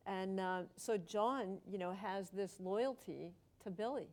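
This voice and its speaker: A woman, an author answering a question at a book talk, explaining in a measured way with a few stumbles. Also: mid-range voice, a little mellow. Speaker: author and journalist.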